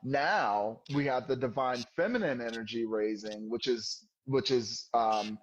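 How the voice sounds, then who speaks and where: A man's voice: mid-range voice, a little slow. A man in casual podcast chat, reflective and lecturing as he talks about spirituality. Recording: dull lo-fi sound.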